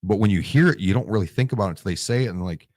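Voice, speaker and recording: Speaking very fast, a forties-aged Marine veteran recounts war stories during a casual interview, swearing, restarting lines, and tearing up. The voice is on the low side and a bit mellow, captured at studio quality without echo.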